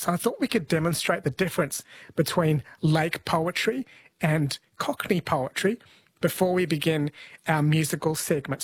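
A man's voice: fairly high pitch, breathy edge, no room sound. Earnest man, dry close sound. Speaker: podcast host. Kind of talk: casual chat, explaining.

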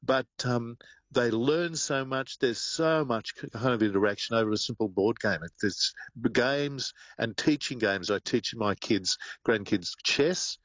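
A man's voice: mid-range voice, unhurried, dry recording, muffled recording. An older man, co-hosting a radio show and sharing anecdotes with many fillers. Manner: warm anecdotal, hesitant with fillers. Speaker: co-host. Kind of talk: radio talk.

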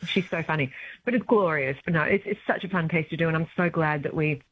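A fast-talking woman with a low-pitched voice comes through a tinny phone line carrying a little hiss or hum. She's a stage actress being interviewed casually, talking with eager, chatty warmth about her play.

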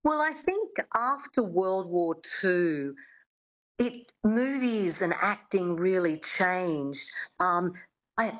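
A woman's voice: lowish voice, rough recording. A middle-aged woman, an accent coach, explaining as a radio guest with frequent fillers. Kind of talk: radio interview.

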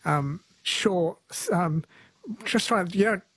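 A man's voice: high-pitched, slow, fairly bright tone, breathy edge, rough recording. A man hosting a talkback radio show in a friendly, conversational way. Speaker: radio host.

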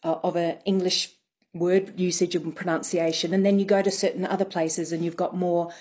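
A woman accent coach, a radio interview guest, explaining thoughtfully with frequent pauses and ums. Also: on the low side, level tone, a little mellow, slightly rough.

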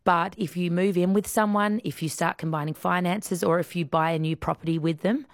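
A hoarse young woman, a family lawyer explaining things chattily on a radio talk show, with many restarts. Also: lowish voice, steady tone, fairly quick, dry recording, clean studio sound. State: hoarse, losing her voice.

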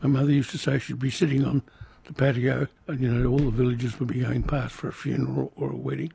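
An older Indonesian man looks back on his childhood in an oral history interview, reflective and dryly humorous, restarting now and then. His medium-pitched voice is level, warm, and fast, with vocal fry and a breathy edge.

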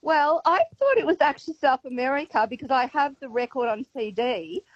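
A woman's voice: high-pitched, expressive, a little fast, husky, no room sound. An Australian woman calling in to a radio quiz, chatty and rambling. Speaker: radio caller. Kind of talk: casual phone chat. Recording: muffled phone line.

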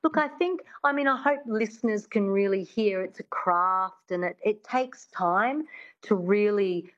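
A woman's voice: mid-range voice, unhurried. A woman guest on a radio show, an accent coach, speaking enthusiastically and agreeably. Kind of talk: radio interview. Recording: dull lo-fi sound.

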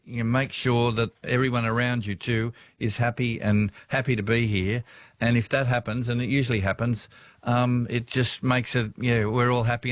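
A man's voice: mid-range voice, dry recording. Australian male talkback host, rambling, laughs a lot, dead-dry studio voice. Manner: chatty, laughing, rambling anecdotes. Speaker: radio host. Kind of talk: casual talkback radio chat.

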